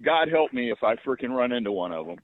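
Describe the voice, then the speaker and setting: A man calling in to a radio show, talking fast and heatedly. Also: medium pitch, animated, no echo. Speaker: caller. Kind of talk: phone call to talk radio. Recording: tinny phone line.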